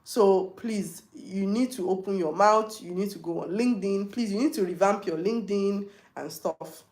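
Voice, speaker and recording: A Nigerian woman talks casually through a live stream, answering viewer questions with frank, chatty advice. Her voice sits at an ordinary middle pitch. The sound comes across roomy and echoey. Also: moderate pace, a little mellow. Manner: chatty, advising viewers directly, mixing in Yoruba and pidgin. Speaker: livestream host.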